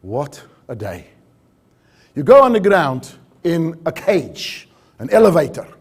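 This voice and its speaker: A man's voice: a little high, sing-song, slow, slightly rough. A man giving a storytelling keynote talk on safety, acting out dialogue with animation. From South Africa.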